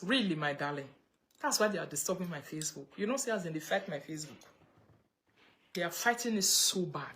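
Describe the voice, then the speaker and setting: A woman's voice: sits low, a bit bright. A Nigerian woman chatting casually on a livestream, reading viewer comments and mixing pidgin with English. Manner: chatty, mixes pidgin and English, breaks into laughter. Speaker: livestream host.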